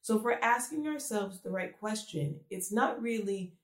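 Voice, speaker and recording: A woman delivers a conversational devotional message in an earnest, searching way, asking question after question. Her voice sits at an ordinary middle pitch, and the room around her rings with a noticeable echo. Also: animated, moderate pace. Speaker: speaker giving a devotional message. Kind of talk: conversational sermon. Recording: echoey room.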